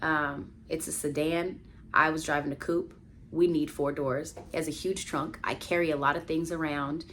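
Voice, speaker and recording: A woman vlogger telling a personal story in a casual, animated way, full of "like" fillers, swinging between hushed and exclaiming. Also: low-pitched, moderate pace, a little hiss or hum. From United States.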